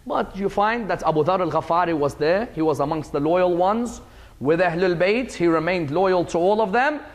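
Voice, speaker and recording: High-voiced man giving a religious lecture. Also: moderate pace, in a large hall. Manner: emphatic storytelling with repetition.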